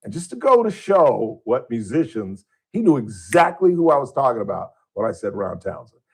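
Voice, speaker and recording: A man's voice: mid-range voice, sing-song, moderate pace, vocal fry, breathy edge. A middle-aged male radio host chatting casually and rambling through anecdotes in the studio. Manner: rambling storyteller, imitates voices in anecdotes.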